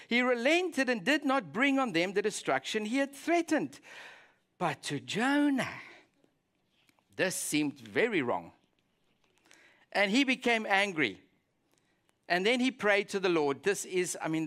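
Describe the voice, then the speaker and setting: Man pastor, animated storyteller, acts out voices in a sermon. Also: high-pitched.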